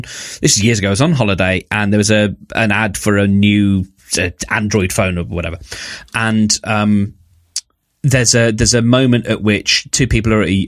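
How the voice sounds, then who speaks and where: A British man co-hosting a casual comedy chat, ranting animatedly and slipping into mocking voices. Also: lowish voice. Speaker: podcast co-host.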